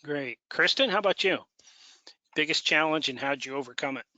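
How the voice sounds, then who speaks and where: A man moderating a webinar panel, brisk and conversational as he puts audience questions to the speakers over a video call. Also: on the high side, expressive, sharp tone, dry recording. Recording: dry, dull video call audio.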